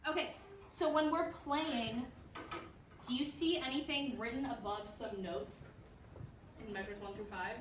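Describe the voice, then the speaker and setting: A woman's voice: fairly high pitch, fairly even intonation, unhurried, pauses often, slight background noise. A woman teaching a school band in rehearsal, encouraging and singing out rhythms for the players. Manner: upbeat, encouraging, sings rhythms. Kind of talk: rehearsal instruction. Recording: echoey room, distant mic. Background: band instruments playing.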